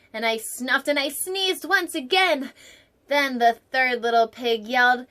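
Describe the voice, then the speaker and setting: Her voice is high and sharp-toned, her pace a little slow, as this woman hosts a storytime show. She reads from a picture book but keeps wandering off into playful jokes, sometimes lowering to a whisper for asides.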